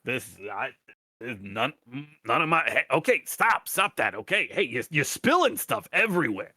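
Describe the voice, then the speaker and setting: A jumpy rat prison guard, voiced by a man in a tabletop game, fresh on the job and flustered, stammering and backing off. The voice comes out higher and louder than plain talk, with a bright, forceful edge. It sounds dry and close. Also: big pitch swings, normal speed, husky, dry recording, heavily acted. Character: nervous rat prison guard, new on shift.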